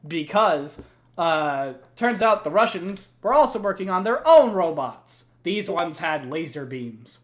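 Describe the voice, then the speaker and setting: Young man rambling, higher voice. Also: lively intonation, measured pace, slight background noise. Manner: rambling, profane, many fillers. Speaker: gamer recounting game lore. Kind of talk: casual chat.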